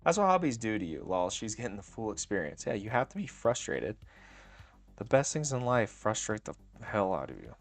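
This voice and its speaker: A man's voice: lowish voice, very animated, fairly quick. A man hosting a casual livestream, joking and laughing often as he talks to chat while working on a craft. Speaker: livestream host.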